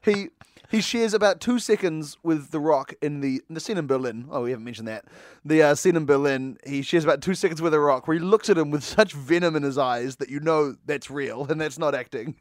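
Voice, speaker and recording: A man's voice: a little high, fairly quick, hardly any pauses, no room sound, clean studio sound. A man co-hosting a casual movie podcast, joking and laughing often. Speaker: podcast co-host.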